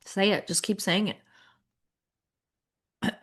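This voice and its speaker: A woman's voice: mid-range voice, drawn-out words, slightly rough. A middle-aged woman coaching school leaders in a casual, conversational way, sometimes acting out the inner voices she describes. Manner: conversational, acts out inner voices, lots of fillers.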